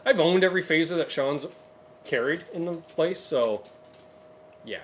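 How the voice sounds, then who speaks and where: A Canadian man co-hosts a casual guitar livestream, reading viewer comments aloud in an upbeat, chatty way full of quick asides. His voice is fairly high and expressive, with a little hiss or hum in the recording.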